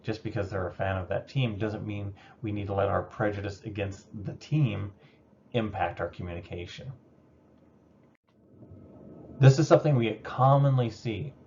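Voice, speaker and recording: A man with a slightly low voice gives a relaxed, conversational lecture, sometimes pausing on fillers. The recording sounds dull and lo-fi. A faint hiss sits underneath. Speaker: instructor.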